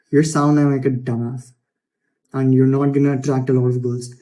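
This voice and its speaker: A man's voice: mid-range voice, flat delivery, normal speed, warm tone. A young man giving unscripted self-improvement advice, blunt and loose, with casual swearing and frequent restarts.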